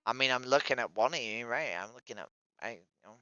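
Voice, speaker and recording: A woman with a bass voice talks quickly in a pushed, bright way, heard through dull audio from a desk microphone. Streaming from home in a casual live chat, she talks to herself between strangers and swears freely.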